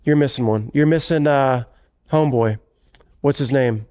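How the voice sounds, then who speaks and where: A man's voice: mid-range voice, moderate pace, darkish tone, clear, resonant tone, no echo. A man co-hosting a podcast in casual chat, rambling and correcting himself as he talks. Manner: rambling, self-correcting, chatty. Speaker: podcast co-host, country singer.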